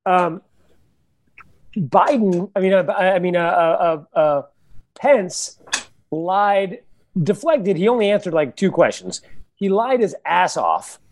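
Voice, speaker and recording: A man hosting a casual political chat, talking in a halting way with many fillers. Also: sits high, lively intonation. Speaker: host.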